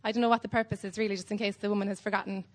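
A woman's voice: mid-range voice, rapid-fire. Irish woman rambling through a standup set. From Ireland. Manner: whimsical, rambling deadpan storytelling with frequent ums. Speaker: standup comedian.

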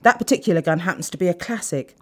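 Woman doing a soft slick crime boss, menacing, kinda cold. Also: lowish voice, lively intonation, fast. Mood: silky.

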